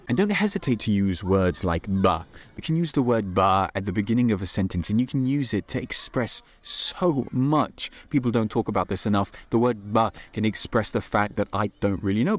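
A man with a very deep voice hosts a podcast lesson. He talks in a relaxed, playful way and slows down to model phrases for listeners to repeat. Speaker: podcast host and French teacher.

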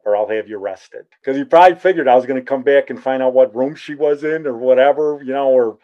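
A middle-aged man tells a casual story and slips into the voices of the people in it. His pitch sits at an ordinary middle height. The recording is slightly dull and lo-fi. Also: quick pace. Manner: lively, acts out quoted voices. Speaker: storyteller guest. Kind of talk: casual spoken anecdote.

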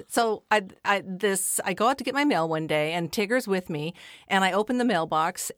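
A woman co-hosting a podcast, telling a personal story in a casual, animated way with some swearing. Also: mid-range voice, dry recording, clean studio sound. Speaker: podcast co-host.

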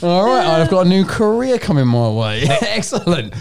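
A man's voice: high voice, sing-song, moderate pace, creaky, smooth. A man hosting a casual podcast, joking and reading listener questions. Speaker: podcast host.

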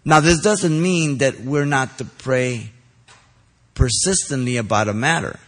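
A man preaching an expository sermon, stressing key phrases loudly and then dropping low, pausing to ask listeners if they are following. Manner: asks the congregation checking questions.

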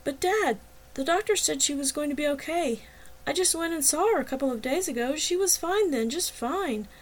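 A woman's voice: sits high, big pitch swings, moderate pace, pitched above the performer's own voice. A woman voicing an anxious young female dorm advisor in an audiobook, her lines raised and pleading. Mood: distraught.

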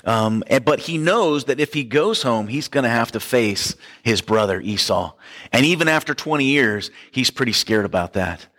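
A man's voice: mid-range voice, animated, normal speed, fairly bright tone. A man preaching a sermon, retelling a story in a casual, joking way. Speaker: pastor. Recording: long hall reverb.

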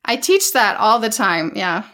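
A woman's voice: mid-range voice, very animated, measured pace, pushed and bright. A woman, an author and entrepreneur, talking earnestly in a casual faith conversation, repeating phrases for emphasis.

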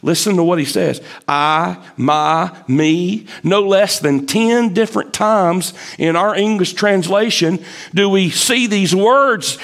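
Man, preacher, sermon, gravelly, unhurried, emphatic. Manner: emphatic, rises high when preaching, acts out the prophet's complaints.

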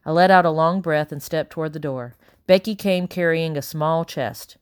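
A woman narrating a novel in the first person, steady and measured. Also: sits low, clear, resonant tone, no echo, studio quality. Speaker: audiobook narrator.

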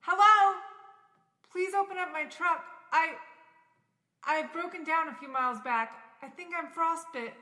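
A man's voice: very high-pitched, unhurried, sharp tone, voice pushed up, heavily acted. A man voicing a frightened, stranded young woman who stammers and pleads for help. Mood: desperate. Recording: long reverb with music behind.

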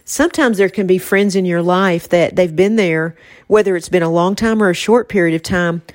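A woman hosting a faith-based podcast, talking in a soft, reflective way with her mother. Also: lowish voice, normal speed, dry recording, studio quality. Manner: soft-spoken, reflective, emotional at times. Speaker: podcast host.

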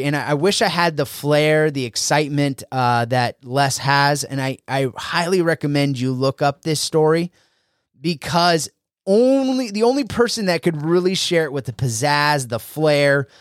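A man hosting a podcast, telling a motivational story in an earnest, halting way. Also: a little high, expressive, no echo, studio quality. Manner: earnest, with frequent fillers and restarts. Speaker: podcast host. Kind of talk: motivational solo talk.

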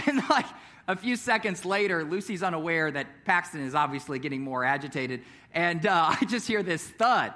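A young male pastor with a high, bright voice, preaching at a church service. He talks casually and conversationally, full of fillers and little chuckles as he tells a story. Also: animated, normal speed. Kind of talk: sermon with prayer and personal story.

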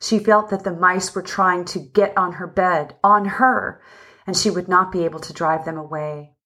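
A woman narrating a story in a low, soft-spoken voice. Her pace is slow and gentle, like an audiobook reader, and she speaks the characters' lines in her own voice without doing distinct voices. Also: fairly even intonation. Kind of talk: scripted narration.

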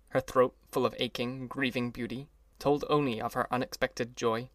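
A male audiobook reader narrates a classic novel from a script, his storytelling steady and measured at a middle pitch. The close, dry recording carries no room sound.

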